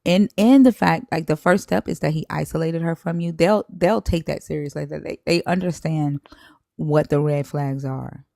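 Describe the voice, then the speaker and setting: A woman's voice: low voice, steady tone, moderate pace, gravelly, warm tone, dry recording, studio quality. A woman hosting a live stream, talking bluntly and frankly in casual chat, with restarts.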